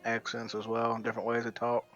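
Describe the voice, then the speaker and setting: A man with a Southern US accent speaks in a relaxed, drawling way as a guest on a game stream. His pitch sits in the middle for a man, and his tone is easy and casual. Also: brisk, lo-fi sound. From United States. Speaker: guest player. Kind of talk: casual gameplay chat.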